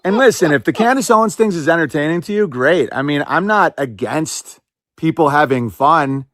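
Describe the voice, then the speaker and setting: Brief: male podcast host, slightly higher voice, sarcastic rapid-fire commentary, dry close sound. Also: expressive, fairly bright tone, no echo. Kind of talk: casual political commentary.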